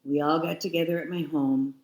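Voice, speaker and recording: A woman's voice: low-pitched, steady tone, brisk, darkish tone, roomy sound. A woman in her sixties, a guest telling her own story frankly and reflectively, sometimes repeating herself. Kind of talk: candid personal storytelling.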